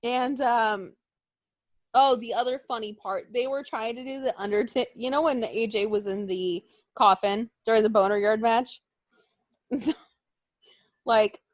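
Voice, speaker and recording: A woman's voice: fairly high pitch, no room sound. A woman co-hosting a podcast, chatting casually and telling stories with lots of fillers. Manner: animated storytelling, acts out voices, frequent fillers. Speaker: podcast co-host. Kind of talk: casual chat recapping wrestling.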